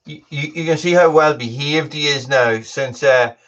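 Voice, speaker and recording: A man's voice: on the high side, moderate pace, fairly bright tone, muffled recording. A man hosting a casual live stream, rambling with many restarts and chatting to viewers and his dog. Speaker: livestream host.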